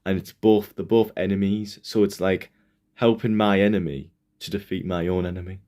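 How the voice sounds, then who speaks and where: A man's voice: low voice, fairly even intonation, normal speed, dark tone. A young man talking casually on his own, rambling and hesitant with many fillers and restarts as he reviews comic covers. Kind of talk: casual solo commentary.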